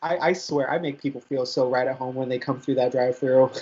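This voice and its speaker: A young man co-hosts a casual podcast chat at a middle pitch. He tells laid-back stories, laughs often and swears casually. The lo-fi recording sounds dull. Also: steady tone, brisk, a little mellow, a little hiss or hum. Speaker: podcast co-host.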